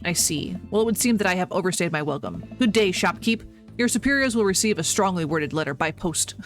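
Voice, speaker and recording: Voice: medium pitch, animated, a little fast, a bit bright, faint music behind. Damien, a streamer putting on a haughty Victorian dandy. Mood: indignant. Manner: formal, haughty, overly proper diction. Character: pompous young man obsessed with Victorian fashion.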